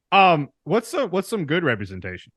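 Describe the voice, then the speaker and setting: A man's voice: fairly high pitch, wildly swooping pitch, moderate pace, fairly bright tone, no echo, clean studio sound. A man co-hosting a podcast, chatting casually, rambling with lots of fillers and laughing often. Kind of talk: casual chat.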